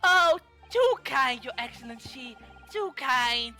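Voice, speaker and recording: A man voicing a smug, fawning old male prosecutor in a fan dub, with a cracking high voice. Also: expressive, slow pace, bright, forceful tone, soft background music, heavily acted. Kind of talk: fan voice acting over a game.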